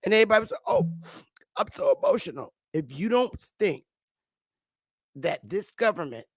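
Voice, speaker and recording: Woman host of her own vlog; slow, laughing, swearing rant at viewers, recorded dry and close. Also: low-pitched, no room sound. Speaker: vlogger. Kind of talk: profane comic rant to viewers. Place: at home, sitting in a chair.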